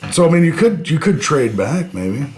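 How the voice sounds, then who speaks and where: A man's voice: fairly high pitch, big pitch swings, normal speed, darkish tone, faint music behind. A man co-hosting a casual sports talk show, wry and joking as he reads picks aloud. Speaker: podcast co-host.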